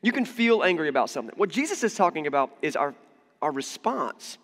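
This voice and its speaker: A man preaching a sermon as pastor in a church, conversational and animated, acting out quoted voices. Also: fairly high pitch, a little fast. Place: church hall. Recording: long church reverb.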